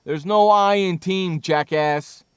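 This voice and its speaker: Ranting sports radio host. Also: male voice, high-pitched, slow, fairly bright tone, clean tone, dry recording, studio quality. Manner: blunt, ranting, sarcastic. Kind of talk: opinionated sports talk radio.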